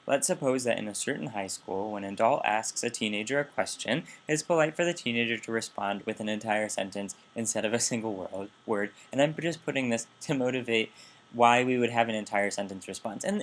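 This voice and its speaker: A man's voice: fairly low pitch, a little hiss or hum. Man giving a lecture. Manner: explanatory, with frequent restarts and self-corrections. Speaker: Spanish linguistics lecturer. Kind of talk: recorded lecture.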